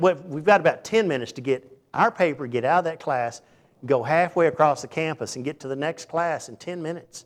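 A man preaching a sermon in a folksy, conversational way, dropping to hushed asides and rising to sudden loud bursts. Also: a little high, animated, a little fast. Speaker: pastor.

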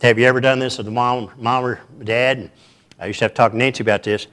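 Male pastor, informal church sermon, folksy and energetic, mid-pitched voice. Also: fast talker, clear, resonant tone. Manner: folksy, animated, self-described hyper.

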